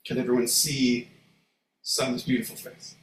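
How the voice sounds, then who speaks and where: A man's voice: mid-range voice, measured pace. Laid-back guy rambling as co-host, roomy echo, bit of hiss behind. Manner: rambling, relaxed, with swearing. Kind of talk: casual livestream chat. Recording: echoey room, faint noise.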